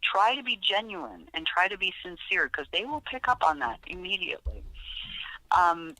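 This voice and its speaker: A woman's voice: lowish voice, very animated, moderate pace, bright, forceful tone, no echo, poor audio. A woman animal behaviorist chatting as a podcast guest, telling stories with frequent fillers and restarts. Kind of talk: podcast interview.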